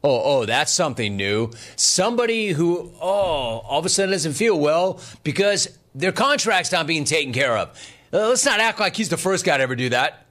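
A sports talk radio host chats casually and sarcastically, often cracking up with laughter as he reads the chat. His voice sits fairly high, very animated and a bit bright, at a normal speed.

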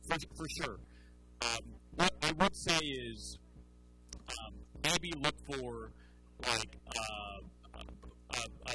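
Bright, forceful male sports-bet analyst, quick casual chatter with restarts. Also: mid-range voice, rough recording. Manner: chatty, animated, frequent restarts. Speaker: soccer betting analyst guest. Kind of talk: casual podcast chat.

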